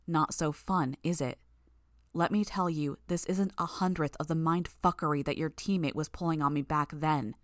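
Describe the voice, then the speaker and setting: A woman voicing a bitter young woman healer who speaks in a cool, mocking, quiet way. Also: low-pitched, steady tone, moderate pace, dry recording, studio quality, close to an everyday voice. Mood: cold, bitter.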